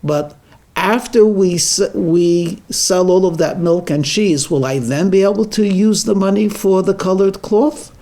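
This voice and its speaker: A man playing a modest village wife who asks her husband tentative, hopeful questions. The voice stays fairly high. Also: a little slow, dark tone.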